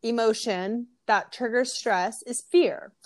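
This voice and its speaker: Chatty woman podcast host, a bit hoarse. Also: on the high side, takes it slowly, no room sound. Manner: chatty, animated storytelling with fillers. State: losing her voice, slightly hoarse. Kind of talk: casual podcast chat.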